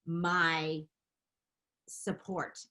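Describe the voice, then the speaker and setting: A middle-aged woman telling stories in a casual interview, animated and quick to laugh. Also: low voice. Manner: animated, laughing, chatty storytelling. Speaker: interview guest, makeup artist and beauty founder.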